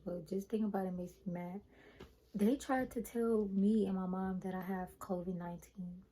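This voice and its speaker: A young woman vlogger chatting casually to her viewers, retelling a personal story in an animated way. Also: mid-range voice, rough recording.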